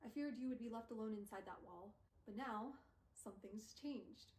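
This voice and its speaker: A woman voicing a calm, patient, sickly young man in a soft, earnest delivery. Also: fairly high pitch, moderate pace, lightly acted. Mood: tender. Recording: roomy sound from a distant mic.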